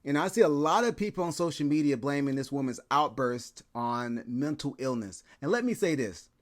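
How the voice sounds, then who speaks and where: A man's voice: mid-range voice, animated, moderate pace. A man hosting a commentary video, talking in a chatty way with lots of fillers. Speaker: commentary channel host. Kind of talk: casual commentary.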